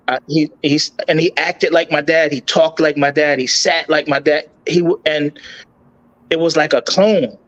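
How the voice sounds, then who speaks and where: A man with a voice that sits a bit high, talking through a hard memory as an interview guest, choked up, stopping and starting, words tumbling and repeating. the audio is dull and lo-fi. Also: fairly even intonation, a bit bright. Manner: halting, with many restarts and repeated words. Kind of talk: emotional personal story.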